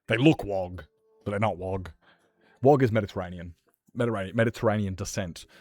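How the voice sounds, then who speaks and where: An Australian man streaming a game, chatting casually in a rambling, sweary, animated way. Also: fairly low pitch, brisk, no echo. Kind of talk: casual chat while gaming.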